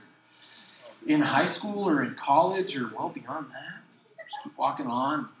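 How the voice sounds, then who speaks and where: A man's voice: on the high side, expressive, measured pace, roomy sound, low-quality recording. A young adult man, a pastor, telling a funny story in a sermon, acting out quotes and laughing as he goes.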